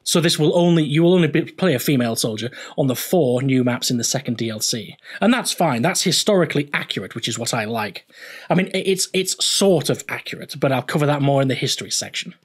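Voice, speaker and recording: A man's voice: mid-range voice, animated, fast, slightly rough. A young man hosting a gaming video, explaining history casually with jokey, rambling asides.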